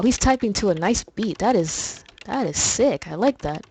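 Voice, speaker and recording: A woman's voice: medium pitch, expressive, normal speed, few pauses, darkish tone, a little hiss or hum. A young woman doing casual, rambling commentary over gameplay, often restarting her sentences. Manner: chatty, rambling, full of fillers. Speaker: let's play host.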